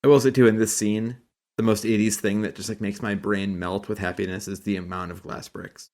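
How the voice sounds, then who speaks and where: A man's voice: on the low side, flat delivery, brisk, a little mellow. A man co-hosting a podcast in casual chat, rambling and laughing, swearing casually. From New England. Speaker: podcast co-host.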